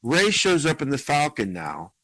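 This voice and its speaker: A man's voice: on the high side, normal speed, no room sound, poor audio. A man co-hosting a casual podcast, ranting about a film with swearing and acted-out scenes. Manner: animated, swearing, acts out scenes. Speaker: podcast co-host. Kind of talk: casual movie-review chat.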